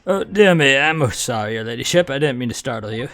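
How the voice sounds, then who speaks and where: An actor playing an earnest young male defense lawyer in a calm, thoughtful manner. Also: mid-range voice, a little fast, pitched above the performer's own voice. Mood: polite.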